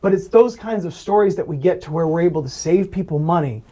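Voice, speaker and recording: A man interviewed as a Medicare advisor tells client stories conversationally, acting out quoted voices and saying "right?" a lot. His voice is a little high, a little fast, and mellow, and the audio quality is poor.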